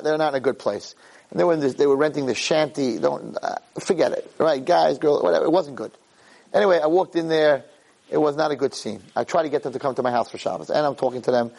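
Give me an animated New rabbi lecturing, a touch high-pitched, telling stories with lots of emphasis. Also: male voice, low-quality recording. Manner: animated, emphatic, rambling storyteller. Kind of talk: Torah lecture with storytelling.

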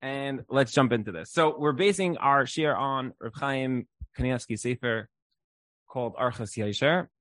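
A man's voice: medium pitch, measured pace, fairly bright tone, no room sound. A man giving a casual Torah class, telling stories in a loose conversational way, often saying "like". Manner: conversational storytelling with frequent "like" fillers. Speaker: Torah teacher.

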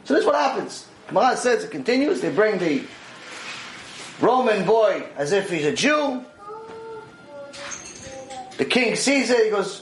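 A man gives a religious lesson as an animated story, his fairly high voice rising and falling a lot as he plays out the exchanges between characters. The sound carries a roomy echo from the space he's in. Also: measured pace, long pauses. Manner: animated, acts out dialogue in quoted voices. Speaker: Torah teacher. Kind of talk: storytelling lecture.

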